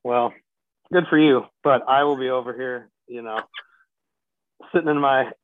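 A man's voice: mid-range voice, steady tone, moderate pace, no echo. A man co-hosting a podcast in casual sports chat, grumbling and swearing, often restarting his sentences. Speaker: podcast co-host. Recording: tinny, dry phone-like line.

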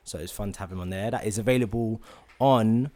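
A man's voice: on the low side, fast. A man with a London accent hosting a podcast in casual, rambling chat full of fillers. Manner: relaxed, rambling with many fillers. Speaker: podcast host.

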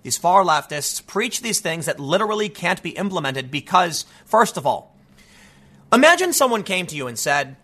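A man's voice: sits high, very animated, moderate pace, pushed and bright. A man giving combative political commentary, talking emphatically with casual asides. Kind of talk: ranting commentary.

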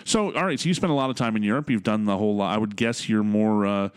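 A man's voice: on the low side, fast talker, smooth, dry recording, clean studio sound. Laid-back man telling travel stories. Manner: laughs often, lively anecdotes. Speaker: podcast co-host. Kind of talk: casual storytelling chat.

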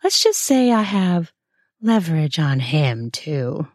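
A scornful older nun hisses her lines low and slow, as a woman reads her part in a story. The voice sits low, drawn out unhurriedly, close and dry with no room sound. She snarls more than she speaks. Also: sing-song, darkish tone, no echo, heavily acted. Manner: snarling, hissing delivery. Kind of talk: read-aloud erotic story.

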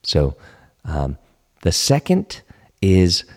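Male coach teaching online, low gravelly voice with a husky edge, talks in a lively up-and-down pitch, keeps asking the listener questions. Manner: asks listeners questions and repeats key phrases slowly.

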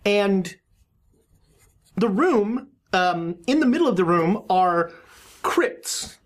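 A woman's voice: mid-range voice, expressive, slow. A woman narrating as game master for a tabletop horror game, talking in a chatty way with fillers and restarts.

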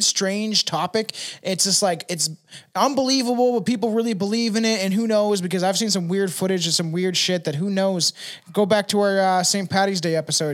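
A man's voice: sits high, a bit bright. A male podcast co-host in casual chat who laughs often, swears freely and tells stories with lots of energy.

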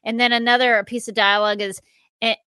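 A woman from the southern United States, co-hosting a casual chat and talking haltingly with lots of "uh" fillers. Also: a little high, pushed and bright, dry recording. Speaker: podcast co-host.

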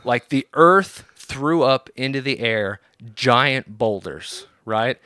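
A man recounting a wild story in a loose, cursing, animated style. His tone is bright and punchy. The sound is dry and close, with no room around it. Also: medium pitch, takes it slowly, smooth, no room sound. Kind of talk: casual storytelling.

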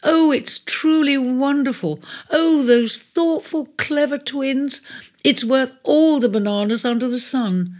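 A storyteller voicing Cancer, an emotional female crab who loves to bargain, with gushing, breathy exclamations. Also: mid-range voice, very animated, measured pace, full character voice. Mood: delighted.

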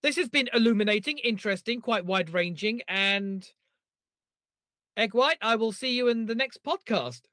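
A man's voice: high-pitched, normal speed, sharp tone, dry recording, clean studio sound. A man hosting a casual comedy podcast, rambling and joking, laughing at his own gags. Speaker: podcast host.

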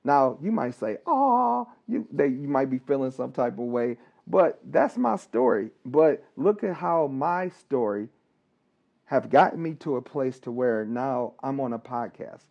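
A man, a licensed counselor, telling a personal story on a podcast, talking haltingly with pauses, restarts and repeated words. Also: medium pitch, lively intonation, gravelly. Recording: dull, slightly lo-fi recording.

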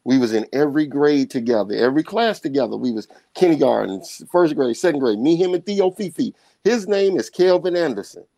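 A middle-aged man telling a personal story on a podcast in animated street slang, sometimes scatting sound effects. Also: a little high, a little fast, creaky, few pauses, no echo. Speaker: podcast guest. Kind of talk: casual storytelling.

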